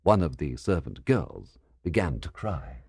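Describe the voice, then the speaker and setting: A man narrating a story for English learners in a clear, measured reading style. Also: very deep voice, very animated, darkish tone, no room sound, clean studio sound.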